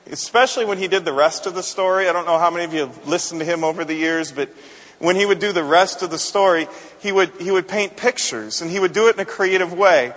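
A man's voice: a little high, a bit bright, long reverb tail. A man, a senior pastor, preaching a conversational sermon and often repeating words as he builds a point.

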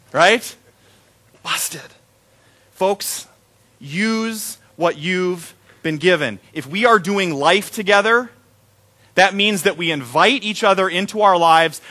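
Bright-voiced male pastor preaching. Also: sits high. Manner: conversational storytelling, animated. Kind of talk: sermon.

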